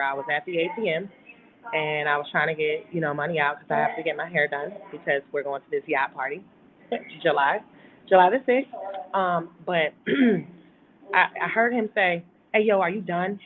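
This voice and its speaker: A woman's voice: low voice, normal speed, crowd noise. A woman giving an earnest, emphatic personal account as a guest in a talk interview, speaking over a phone call. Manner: earnest and emphatic, retelling events at length. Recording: tinny phone line with faint hiss.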